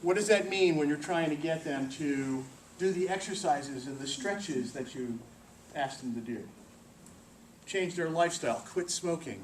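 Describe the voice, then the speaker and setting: A man giving a lively, joking presentation to a staff meeting and quizzing the audience as he goes. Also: on the high side, measured pace. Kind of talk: workplace presentation. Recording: distant mic with faint hiss.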